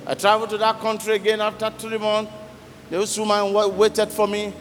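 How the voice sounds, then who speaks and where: A man preaching a sermon as a deliverance minister, telling a story dramatically and swinging from low murmurs to forceful cries. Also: monotone, fairly quick, slight background noise. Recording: echoey hall with faint music.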